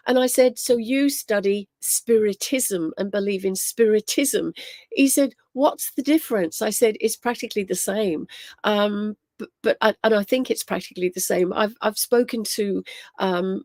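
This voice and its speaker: A woman's voice: medium pitch, a little mellow, no room sound, studio quality. A woman hosting a casual livestream on spiritual topics, telling stories with lots of ums and greeting viewers by name.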